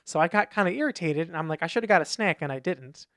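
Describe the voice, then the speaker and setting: A man's voice: fairly high pitch, lively intonation, fast talker, a bit bright, no room sound, clean studio sound. A man co-hosting a podcast in casual chat, rambling through anecdotes and acting out what people said in raised voices. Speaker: podcast co-host.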